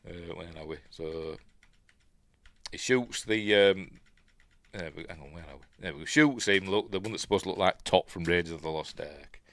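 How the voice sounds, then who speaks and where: A man's voice: sits low, a bit bright, no room sound. A middle-aged man with a Yorkshire accent chatting casually through a film review, rambling with lots of fillers and chuckles. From Yorkshire, England.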